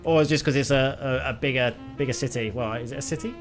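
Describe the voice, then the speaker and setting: A man's voice: medium pitch, quick pace, faint music behind. A young British man chatting casually with his live chat while flying a simulator, rambling and laughing often. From Britain. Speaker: flight sim streamer.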